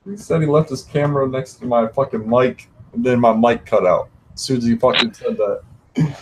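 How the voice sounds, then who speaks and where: A man's voice: medium pitch, moderate pace. A man chiming in on a podcast with short hype interjections and casual talk over a remote mic. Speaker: podcast co-host. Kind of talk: casual chat. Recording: remote mic with background noise.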